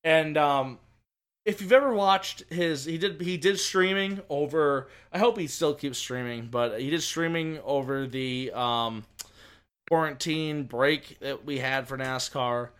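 A man co-hosting a podcast, rambling excitedly about racing with many restarts. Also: fairly high pitch, a little slow, smooth. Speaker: podcast co-host. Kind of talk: casual racing chat.

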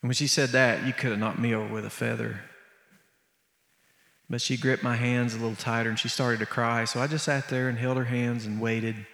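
A man's voice: mid-range voice, little pitch movement, brisk, creaky, fairly bright tone. Guy preaching a story in church, mid voice, lots of echo and long reverb. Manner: conversational, vivid storyteller. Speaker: preacher and musician. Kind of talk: storytelling sermon. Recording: echoey hall, long reverb.

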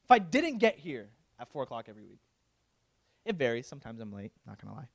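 A young male pastor preaching a casual, emotional sermon, moving from loud pleading to quiet confiding, with slang in his talk. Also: mid-range voice, huge pitch swings, fast talker, gravelly, no echo, clean studio sound. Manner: casual, uses slang like bro.

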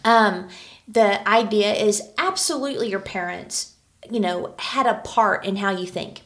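A woman's voice: medium pitch, measured pace, fairly bright tone. A woman in her thirties co-hosting a podcast, chatty and steering the talk with questions. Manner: chatty, guides the topic with questions, laughs easily. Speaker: podcast co-host. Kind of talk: casual podcast conversation.

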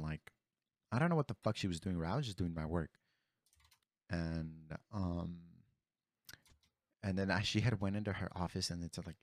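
Telling his buddies a meandering, foul-mouthed story, this young guy speaks in a deep, low, darkish voice and says "bro" in almost every sentence. It's a casual delivery captured on a close, dry mic without any room sound.

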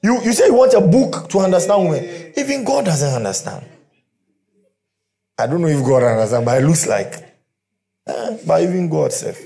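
A man's voice: fairly high pitch, big pitch swings, moderate pace, gravelly, long pauses, warm tone. A middle-aged man, preaching a sermon through humorous storytelling.

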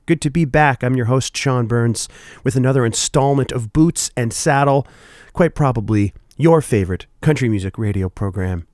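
A man's voice: medium pitch, dry recording. Young man, radio host, folksy casual chat, dry close sound. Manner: relaxed, folksy, with filler words.

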